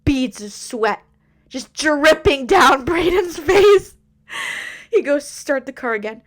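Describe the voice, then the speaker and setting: Animated female podcast host, dramatic storyteller, bouncy and high in pitch. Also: slow pace.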